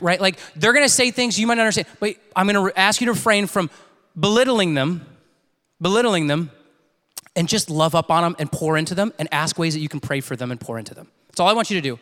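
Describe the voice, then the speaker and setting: A young man preaching as a youth pastor, telling a story with animated, acted-out quotes in a church. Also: fast talker, smooth. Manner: animated, acts out quotes with big pitch jumps. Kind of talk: sermon storytelling. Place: church sanctuary. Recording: long reverb of a large church hall.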